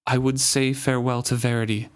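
A man reading the lines of a dying old king, betrayed by his son, in a quiet, grave voice. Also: mid-range voice, little pitch movement, a little fast, smooth, natural voice. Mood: grieving. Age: older.

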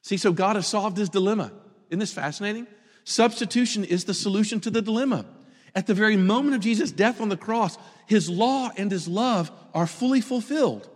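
A man preaching a sermon in an animated, conversational way, often laughing as he talks. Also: high-pitched, fairly quick, in a large hall.

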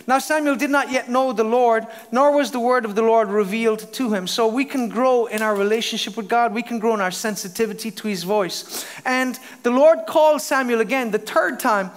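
A middle-aged man preaching a sermon as a pastor, telling stories with lively acted voices and asides to the congregation. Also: very high-pitched, fairly quick.

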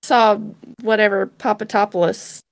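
A woman's voice: medium pitch, steady tone, normal speed, no room sound, low-quality recording. A woman on a film podcast, making dry, teasing remarks about a movie. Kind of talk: casual film review chat.

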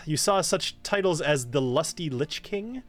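A man narrating a tabletop game as game master, easygoing and quick to laugh. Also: fairly high pitch, animated.

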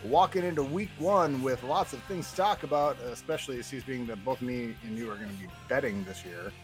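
A man co-hosts a laid-back sports podcast at an ordinary pitch for a man. He rambles and talks in an animated way, stacking fillers and restarts. He is heard on a podcast mic. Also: a little fast, music in the background. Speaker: podcast co-host. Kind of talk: casual sports chat.

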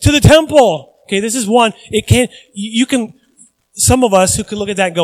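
A young man preaching a sermon as pastor, chatty at times and building to loud, emphatic stretches. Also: high voice, animated, fairly quick, poor audio. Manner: conversational asides with restarts.

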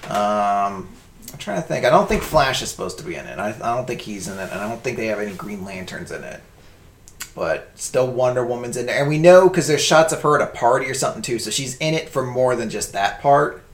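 Young male co-host, casual film chat, roomy echo, animated, loose and profane. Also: mid-range voice, fairly quick, slight background noise. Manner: animated, swearing, bursts into mocking put-on voices. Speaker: podcast co-host. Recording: echoey room.

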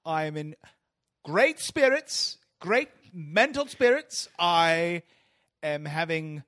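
Brief: man playing a chirpy, prim socialite lady in jail, high mock-posh voice, leaping pitch. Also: lively intonation, takes it slowly, bright, forceful tone, full character voice. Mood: mock cheerful. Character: prim jailed British socialite woman.

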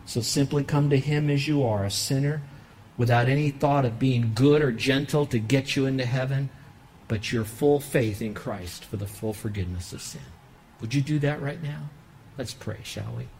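A pastor preaching a sermon in a church, emphatic and rising into loud bursts, then softening into a quiet prayer. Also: male voice, mid-range voice, normal speed, a little hiss or hum, low-quality recording.

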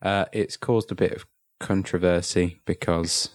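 A man with a very low voice chats casually on a podcast. He talks haltingly, full of "uh"s and restarts. The sound is close and dry. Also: steady tone, no room sound. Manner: hesitant, many "uh"s and restarts. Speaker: podcast co-host. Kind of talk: casual chat.

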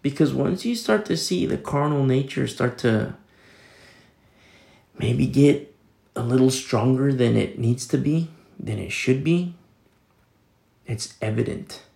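A man's voice: medium pitch, lively intonation, a little slow, creaky, long pauses, mellow, echoey room. A man preaching a sermon in a casual, conversational way, reading scripture and explaining it with everyday fillers. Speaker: pastor.

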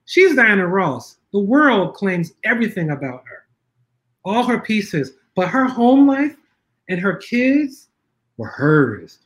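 A man being interviewed as a guest, telling stories in a casual, animated way, laughing often and acting out the people he quotes. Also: sits high, takes it slowly. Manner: animated, acts out quoted voices; laughs often, many restarts. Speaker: guest filmmaker.

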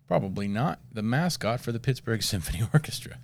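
Low gravelly man telling rambling stories. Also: expressive, a little fast, few pauses, no room sound. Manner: rambling, profane, laughing at his own jokes. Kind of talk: casual chat.

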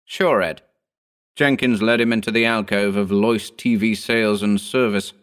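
A man narrating a horror story as an audiobook, measured and slowing for grim details. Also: lowish voice, fairly even intonation, fairly bright tone, clear, resonant tone.

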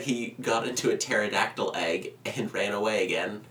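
Lively man in an echoey room. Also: on the low side, fairly quick, hardly any pauses. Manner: animated, swearing, laughing, acting out characters. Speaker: podcast co-host. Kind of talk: casual chat recapping a movie. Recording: roomy echo, distant mic, faint background noise.

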